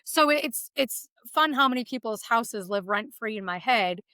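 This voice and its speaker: A woman's voice: on the high side, animated, normal speed, pushed and bright, dry recording. A woman with a Texan accent, a real estate agent being interviewed, talking casually and enthusiastically with many fillers.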